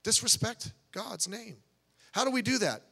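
A man preaching a sermon in a church, talking conversationally with asides, restarts and quick jokes. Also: high-pitched, animated, creaky, sharp tone, husky. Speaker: pastor. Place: church sanctuary. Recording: long church hall reverb.

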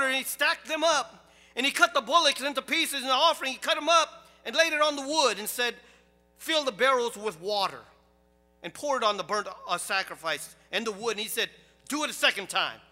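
A high, very bright male voice preaches a sermon, moving from soft storytelling to loud, animated calls. The sound carries a long hall echo with faint music behind it. He talks as a pastor to his congregation.

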